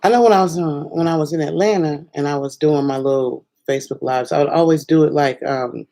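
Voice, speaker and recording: A woman chatting excitedly on her first livestream from home at night, rambling and laughing, with sudden bursts of squealing joy. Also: low voice, a little fast, creaky, rough recording. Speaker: filmmaker and singer doing her first livestream. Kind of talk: casual excited livestream chat.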